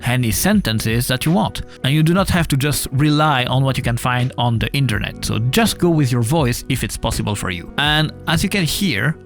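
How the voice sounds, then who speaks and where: Tutorial host, man, non-native accent, relaxed and explanatory on a desktop mic, faint music under him. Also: medium pitch, normal speed, hardly any pauses. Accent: non-native English accent. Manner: casual, explanatory, with filler uhs. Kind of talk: screen-recorded software tutorial. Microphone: desktop USB mic.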